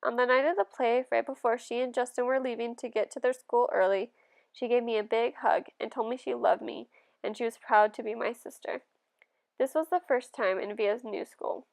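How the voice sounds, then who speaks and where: A woman reading a first-person novel aloud in a gentle, steady storytelling manner. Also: on the high side, normal speed, gravelly. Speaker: audiobook reader.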